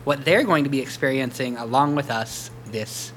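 A man's voice: medium pitch, slight background noise. A man co-hosting a podcast, joking and mocking in casual chat. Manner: lively and joking, quick to mock. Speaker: podcast co-host.

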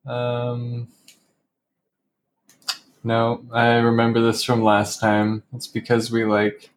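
Giggly young man with slow, easy talk. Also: mid-range voice, completely flat delivery, slight background noise. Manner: giggly, laughs often between jokes. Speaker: podcast co-host. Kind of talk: casual chat.

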